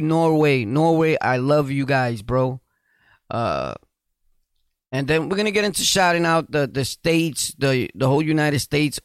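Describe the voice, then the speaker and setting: A streetwise male podcast host with a gravelly, fry-laden voice that sits a bit high for a man. He talks loosely and excitedly, reeling off shout-outs with laughs mixed in. The sound is dry and close. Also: no room sound. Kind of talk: casual solo podcast with viewer shout-outs.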